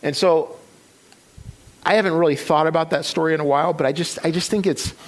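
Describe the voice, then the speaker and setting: A man's voice: a little high, fairly even intonation, fairly quick. A middle-aged man, a pastor, preaching in a conversational way, retelling a story with quoted dialogue and frequent restarts. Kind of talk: sermon storytelling. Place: church.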